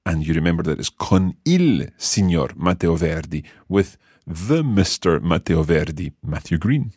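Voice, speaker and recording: Deep-voiced husky male language teacher. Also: very animated, measured pace, darkish tone, dry recording, studio quality. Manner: patient, explains step by step and quizzes the learner. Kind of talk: explaining a language lesson.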